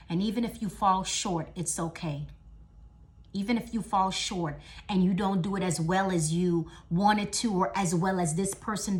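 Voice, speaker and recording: A middle-aged woman speaks in a motivational talk, with a voice at an everyday middle pitch. She stresses her points with repeated phrases and swings between loud declarations and hushed lines.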